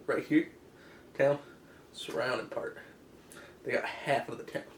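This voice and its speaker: A man's voice: mid-range voice, reverberant, slight background noise. A man giving a casual comedic explainer with pirate slang, rambling and correcting himself offhandedly. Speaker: comic history explainer.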